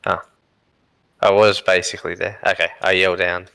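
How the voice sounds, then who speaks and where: A man's voice: low-pitched, flat delivery, normal speed, creaky, bright, forceful tone, clean tone, no room sound, low-quality recording. A man playing a tabletop game on a voice call, hesitant and full of ums as he asks the game master questions. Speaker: player. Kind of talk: casual tabletop game play. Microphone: online voice call.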